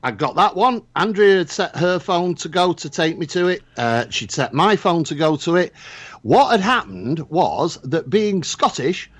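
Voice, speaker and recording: Lively, husky-voiced male co-host. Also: on the high side, measured pace, no echo. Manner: animated storyteller, jokey. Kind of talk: casual banter.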